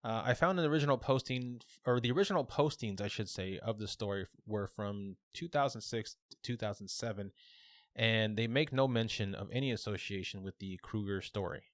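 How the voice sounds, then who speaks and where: A man co-hosting a podcast, casually telling a local legend with relaxed fillers and restarts. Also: fairly low pitch, fairly quick, no room sound, clean studio sound. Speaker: podcast co-host.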